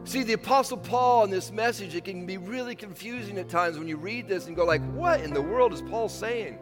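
Animated high-voiced pastor in a hall. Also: male voice, fairly quick. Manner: animated, acts out dialogue in bursts. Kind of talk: sermon. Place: church sanctuary. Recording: church hall reverb with faint music.

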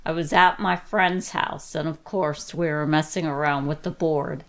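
A woman's voice: low-pitched, fairly even intonation, unhurried, a bit bright. A middle-aged woman, a podcast guest, casually and animatedly retelling spooky stories from her past. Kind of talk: casual storytelling.

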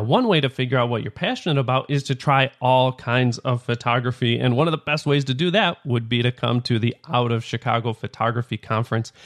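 A man's voice: mid-range voice, fairly bright tone. A man who organizes a photography conference, giving informal, chatty advice and sketching out little scenes. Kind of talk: casual advice monologue.

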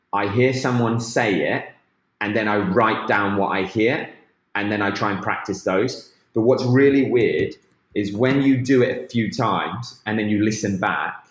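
A man's voice: on the low side, measured pace, roomy sound, rough recording. A man from the UK, chatting casually and explaining things at length. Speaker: co-host. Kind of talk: casual chat.

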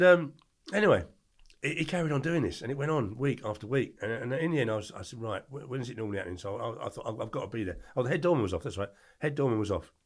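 An older man, a podcast guest telling stories in a rambling, blunt way, often stopping to correct himself. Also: mid-range voice. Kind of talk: casual storytelling.

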